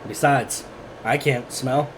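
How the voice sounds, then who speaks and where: A man voicing a gruff, aloof half-dwarf who speaks curtly and dismissively. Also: medium pitch, steady tone, slow pace, background noise, close to an everyday voice. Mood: indifferent. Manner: curt and dismissive.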